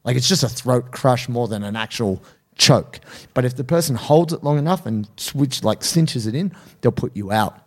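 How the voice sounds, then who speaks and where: A man co-hosting a podcast, telling a story in casual chat and acting out quotes in a higher voice. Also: normal speed. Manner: animated, acts out quotes in high voices. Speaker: podcast co-host.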